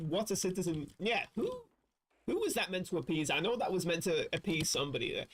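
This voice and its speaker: A man's voice: high voice, very animated, fairly quick, a bit bright, breathy edge, soft background music. A man chatting casually while playing a video game on a livestream, rambling and correcting himself with wry asides. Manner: rambling, self-interrupting, wry. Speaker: streamer.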